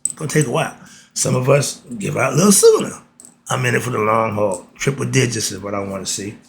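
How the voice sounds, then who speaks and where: A man's voice: mid-range voice, animated, fast talker, creaky, slight background noise. A man giving a casual spiritual talk, asking himself rhetorical questions and answering them. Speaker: spiritual teacher.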